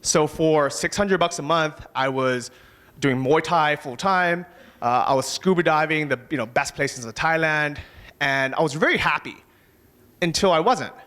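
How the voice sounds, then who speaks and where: A man giving a motivational talk on a conference stage, casual and energetic, swearing now and then. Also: fairly high pitch, measured pace. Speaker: conference speaker.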